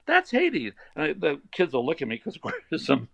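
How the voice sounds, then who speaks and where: An older man, a voice actor guest, telling animated anecdotes in a casual interview and slipping into playful voices. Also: a little high, quick pace, vocal fry. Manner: animated storyteller who slips into playful voices. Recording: dry, dull lo-fi sound.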